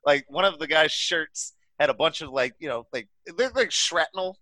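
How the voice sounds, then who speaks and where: A man's voice: fairly high pitch, lively intonation, normal speed, pushed and bright, no echo. A young man casually telling a wild story among friends, swearing and laughing as he goes.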